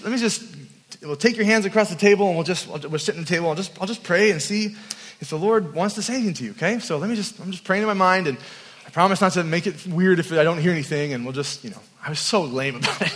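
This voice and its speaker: A man's voice: on the high side, quick pace, a bit bright. A man giving a storytelling sermon at a youth camp, self-deprecating and humorous. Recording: long hall reverb.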